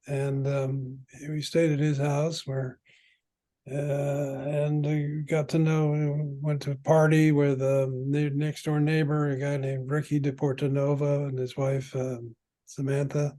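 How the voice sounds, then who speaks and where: An older man, a veteran player, telling rambling stories from the old days with halting restarts. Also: on the high side, little pitch movement, mellow. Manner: halting, many restarts while recalling. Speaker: guest, veteran padel player. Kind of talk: rambling anecdotal storytelling.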